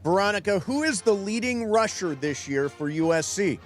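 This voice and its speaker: A man from the Midwest hosts sports talk radio, his voice sitting a bit high and swinging widely as he tells stories. He comes across lively and animated. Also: moderate pace, soft background music. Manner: animated, storytelling.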